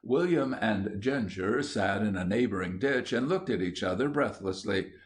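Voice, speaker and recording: A man reading an audiobook in a measured, wry storytelling voice. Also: on the low side, lively intonation. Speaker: audiobook narrator.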